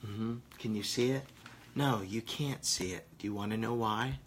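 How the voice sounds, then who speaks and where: A stoned man rambling through a casual live vlog, swearing and bantering with viewers, sometimes dropping to hushed asides. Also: on the low side, normal speed, slight background noise. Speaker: vlogger.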